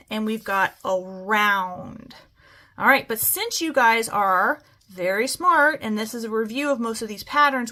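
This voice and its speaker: A woman's voice: a little high, bright, forceful tone. A woman teaching a phonics lesson, stretching out words sound by sound and often checking in with "okay?". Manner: patient, keeps asking "okay?".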